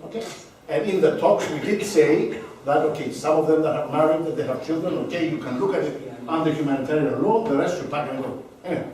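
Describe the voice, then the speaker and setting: A man from Cyprus, a diplomat answering audience questions at a seminar, halting and often repeating words as he searches for the right phrasing. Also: a little high, a little mellow. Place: lecture hall. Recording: echoey room picked up from far off, faint hiss.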